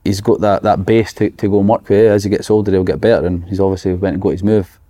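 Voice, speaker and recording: A man's voice: sits low, steady tone, quick pace, dark tone. A Scottish man, a former footballer, telling casual stories about his playing days, dotted with "aye" and "mate". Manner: laid-back storytelling, frequent "aye" and "mate". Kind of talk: casual chat.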